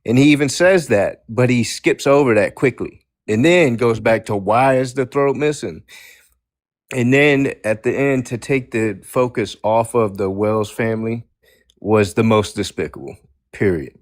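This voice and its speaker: A man lays out his points in a steady, explanatory way as a discussion guest. His voice sits at a middle pitch. The sound is dry and close, with almost no room echo. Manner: measured, explanatory. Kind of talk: discussion commentary.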